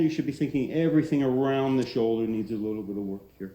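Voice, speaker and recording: A man wearing a headset mic who calmly guides a student through a breathing and relaxation drill, letting his phrases trail off softly. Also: mid-range voice, fast. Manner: calm, steady instruction with soft trailing ends. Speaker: martial arts instructor. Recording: roomy echo.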